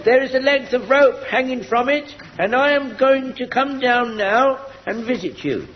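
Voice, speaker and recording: An actor playing an eager, fussy elderly lance corporal who rambles, in a radio sitcom. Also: male voice, extremely high pitch, expressive, moderate pace, a little hiss or hum. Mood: busy. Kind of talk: 1970s radio sitcom acting. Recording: echoey hall, dull old radio recording.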